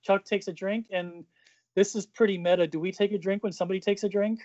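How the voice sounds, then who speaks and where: A man's voice: sits high, fairly even intonation, fast, a little mellow, lo-fi sound. A man co-hosting a casual chat, recounting a comic panel by panel and doing the characters' lines and sound effects. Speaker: podcast co-host.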